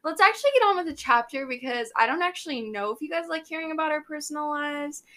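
A woman's voice: sits high, lively intonation, fast, sharp tone. Giggly young woman chatting on a podcast. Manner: chatty, giggly, rambling with restarts. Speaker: podcast co-host. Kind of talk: casual chat.

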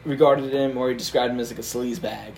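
A man's voice: mid-range voice, fairly even intonation, fairly quick, gravelly, darkish tone. A young man co-hosting a casual history podcast, telling the story with fillers and frequent laughter.

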